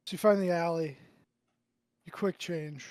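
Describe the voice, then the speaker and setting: A man running a tabletop game as game master, narrating with many pauses and throat-clearing. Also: sits high, a little mellow, no echo. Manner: halting, full of ums and throat-clearing.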